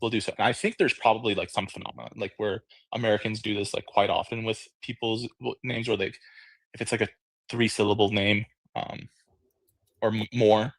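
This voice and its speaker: A man's voice: fairly low pitch, level tone, fairly quick, creaky, husky, no room sound. A man speaking on an online panel, hesitant and full of fillers and restarts. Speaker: audio room panelist. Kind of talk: casual discussion.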